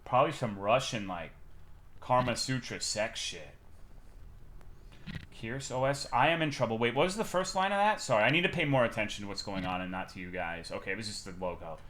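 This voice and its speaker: A man streaming a game, talking casually in a rambling, profane, excitable way, swinging from loud bursts to mumbled asides. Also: fairly low pitch, fairly quick, a little hiss or hum. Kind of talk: casual live-stream gameplay commentary.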